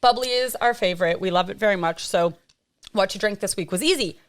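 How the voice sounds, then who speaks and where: A woman's voice: medium pitch, fairly quick. A woman co-hosting a podcast in casual chat, upbeat and laughing often. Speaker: podcast co-host.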